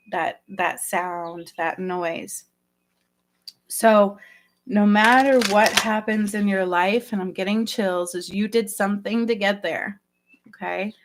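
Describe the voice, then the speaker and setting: A middle-aged woman speaks earnestly on a livestream, addressing her viewers directly as a spiritual healer. Her pitch sits in the middle of the range. She circles back over her points and keeps asking whether they follow.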